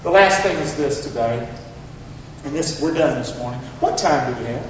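A man's voice: a little high, expressive, moderate pace, a little hiss or hum. Preaching man in echoey hall. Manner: call-and-response preaching, swinging from loud to hushed. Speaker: pastor. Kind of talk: Father's Day sermon. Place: church sanctuary. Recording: very echoey hall, distant mic, slightly dull.

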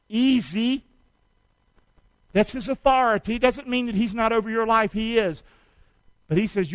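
A man preaching a sermon, calling on the congregation to repeat after him and swinging between shouts and quiet asides. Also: sits high, clean tone, no echo, poor audio. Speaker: pastor.

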